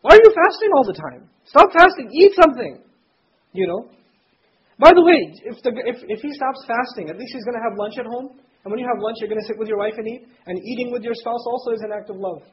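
A man's voice: extremely high pitch, quick pace, breathy edge. A man giving a conversational religious lecture to students, explaining scripture terms in plain everyday speech. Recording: dull lo-fi recording with faint noise.

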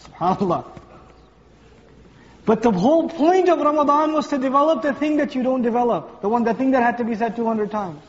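A man preaching a sermon to a gathered congregation, lively and conversational, acting out everyday voices as he talks. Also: very high-pitched, a little fast. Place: large gathering hall with congregation. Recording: distant voice in a large hall, muffled, faint hum.

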